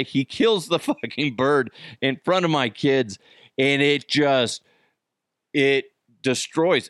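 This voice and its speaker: Animated man telling stories on a podcast. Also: medium pitch, no room sound, clean studio sound. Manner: animated, swearing, laughs while telling stories, acts out quoted voices. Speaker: podcast host. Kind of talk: casual storytelling monologue.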